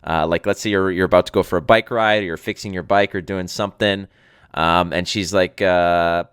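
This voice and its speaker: Man, podcast co-host, casual chat, animated storyteller, smooth resonant voice. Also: deep voice, normal speed, no echo, studio quality. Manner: animated storyteller, laughs often, mimics people.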